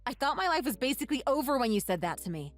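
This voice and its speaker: A woman's voice: high voice, very animated, rapid-fire, faint music behind. A woman voicing a wronged young bride-to-be who speaks firmly and scornfully to her old tormentor. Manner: firm, scornful.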